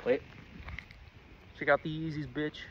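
A man's voice: fairly high pitch, steady tone, a little slow. A young man talking to camera on a walk outdoors, rambling and confessional, self-deprecating and swearing often. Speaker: vlogger. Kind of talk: rambling walk-and-talk vlog. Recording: muffled outdoor recording with loud ambient noise.

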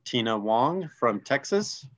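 A man co-hosting a casual online call, reading names in a relaxed, friendly, joking way. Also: mid-range voice, slow. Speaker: co-host.

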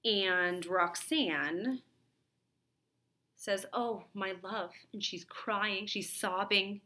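A woman's voice: mid-range voice, pushed and bright. A woman teacher summarizing a play for a literature lesson, retelling it in a conversational way with fillers.

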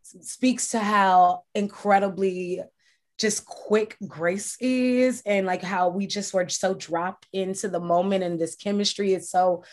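A woman's voice: medium pitch, fairly even intonation, measured pace, a little hiss or hum. A woman interviewed as an actress, talking casually and reflectively with frequent fillers. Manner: chatty, reflective, many fillers.

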